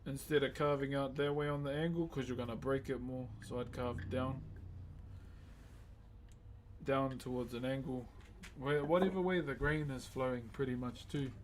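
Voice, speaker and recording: A man's voice: mid-range voice, steady tone, moderate pace, a little hiss or hum. A man who carves wood on a live stream, chatting in a laid-back way and calling viewers "bro". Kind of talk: casual live-stream chat.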